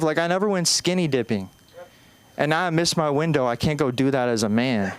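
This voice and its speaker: Smooth-voiced young man doing stand-up. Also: fairly high pitch, fairly quick. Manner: anxious, self-deprecating, rambling with restarts. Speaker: stand-up comedian. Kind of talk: open-mic stand-up set. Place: small comedy club stage.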